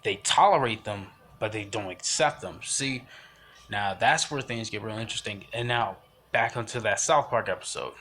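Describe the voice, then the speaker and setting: Emphatic rambling man with a bright voice. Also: medium pitch, slight background noise. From United States. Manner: rambling, emphatic, with many fillers and restarts. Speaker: vlogger giving commentary. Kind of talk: casual spoken commentary.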